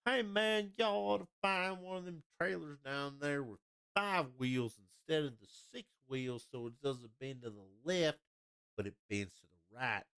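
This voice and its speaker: Folksy Southern good old boy, pitched up high and drawling, put on by a man. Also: a little slow, vocal fry, a bit bright, clear, resonant tone. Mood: rambling.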